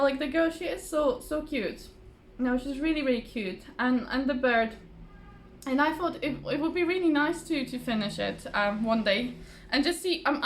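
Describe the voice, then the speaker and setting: Chatty woman with a high voice. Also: a little hiss or hum. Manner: chatty, rambling, many fillers and restarts; laughs often. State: voice a little tired. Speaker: craft vlogger. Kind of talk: casual chat to camera. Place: home, at a table. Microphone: phone or camera on the table.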